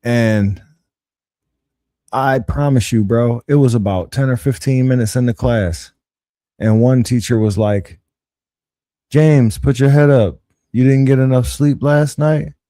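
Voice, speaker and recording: Young philly guy telling stories on a podcast, mellow voice, dry sound, acts out the quotes. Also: medium pitch, a little slow, pauses often, no echo. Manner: animated, slangy, acts out quotes. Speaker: podcast host. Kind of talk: casual chat, storytelling.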